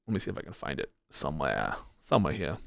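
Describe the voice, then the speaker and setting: A man's voice: extremely low pitch, big pitch swings, fast, vocal fry, a bit bright, no echo. Male political streamer, live commentary, blunt and swearing, rambles while hunting for comments, dry close sound. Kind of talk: livestream commentary reading chat.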